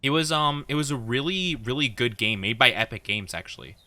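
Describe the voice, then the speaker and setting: A man's voice: medium pitch, fairly quick, sharp tone, no room sound. A young man streaming a game, chatting casually in a rambling, giggly way with many fillers. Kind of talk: casual chat while gaming.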